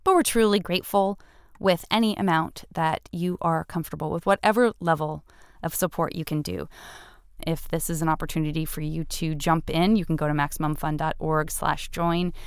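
Smooth-voiced woman podcast host. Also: mid-range voice, no echo, studio quality. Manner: earnest, gets emotional, chatty. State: tearful. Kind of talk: casual interview and member appeal.

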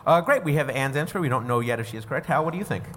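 A man's voice: mid-range voice, expressive, rapid-fire, a bit bright. A man hosting a live quiz show on stage, playful and full of "uh" fillers.

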